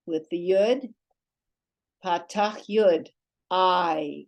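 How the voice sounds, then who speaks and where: Woman, patient classroom teacher, lower voice, very measured pace, drills sounds one by one. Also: darkish tone, rough recording. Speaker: Hebrew teacher. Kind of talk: classroom lesson, reading out vowels and letters. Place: classroom with a board.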